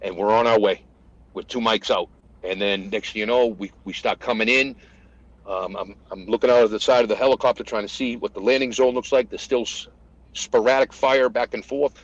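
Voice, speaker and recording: A man's voice: lowish voice, fairly quick, muffled recording. Veteran man telling a war story. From United States. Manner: animated retelling, acts out shouted quotes. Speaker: guest, retired master sergeant.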